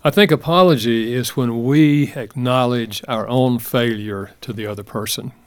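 An older man in a radio-style interview, speaking at a middle pitch in an earnest, gentle and unhurried way. His voice is close and dry, with no room sound around it. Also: clear, resonant tone, no room sound. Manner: earnest, gentle, measured storytelling. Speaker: author and counselor, guest. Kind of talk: reflective interview storytelling.

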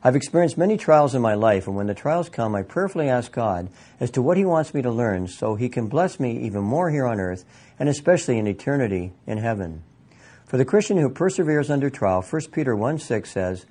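A man presenting a short scripted money segment with a faith angle, reading calmly and steadily. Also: medium pitch, brisk.

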